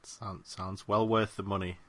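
A man's voice: sits low, flat delivery, measured pace. A man co-hosting a podcast, dry and sarcastic in casual chat. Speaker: podcast co-host. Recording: loud background noise.

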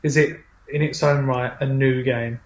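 A man's voice: medium pitch, fairly even intonation, measured pace, roomy sound. A man co-hosting a gaming podcast, putting short questions and interjections into a casual chat. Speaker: podcast co-host. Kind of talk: casual chat about games. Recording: dull, noisy mic.

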